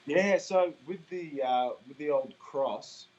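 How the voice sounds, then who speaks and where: A man's voice: on the high side, a little mellow. Upbeat young Australian man. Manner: upbeat, chatty, quick to laugh. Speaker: singer, interview guest. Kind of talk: casual interview chat. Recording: slightly dull recording, faint ambience.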